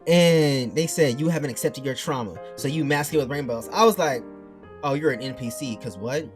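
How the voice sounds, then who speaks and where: A man's voice: medium pitch, normal speed, faint music behind. A man ranting casually to his viewers, reading chat messages aloud and arguing back, his mic turned backwards. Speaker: streamer.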